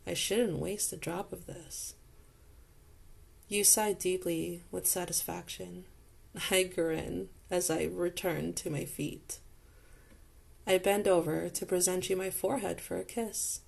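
A woman narrates an intimate second-person audio role-play, speaking softly and very slowly. Her voice sits a little low, with a gravelly fry running through it. The delivery stays close and unhurried. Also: fairly even intonation. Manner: slow, soft and intimate.

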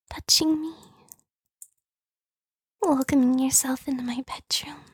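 Whispering close to the mic, a woman acts out a clingy, playful little sister, her high voice sliding slowly from breathy murmurs into light giggles. The recording is dry and intimate.

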